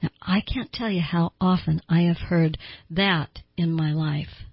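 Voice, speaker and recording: A woman hosts an advice show, her low voice gravelly and husky. She presses her points firmly and repeats words for weight. The recording is dry and a bit dull. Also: steady tone, measured pace, dry recording. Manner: emphatic, repeats words for stress. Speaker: self-help talk show host. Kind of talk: advice talk to listeners.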